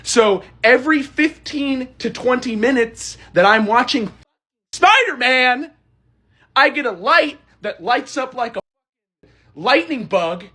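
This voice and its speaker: A man's voice: extremely high pitch, pushed and bright. A man doing a comedic, exasperated rant to camera, with theatrical outbursts. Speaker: social media creator.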